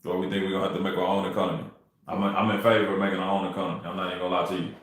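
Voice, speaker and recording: This deep-voiced Texas man races through his words with little pitch movement and a slightly bright tone. He streams real estate wholesaling cold calls from a very echoey home room, chatting casually with viewers in slang.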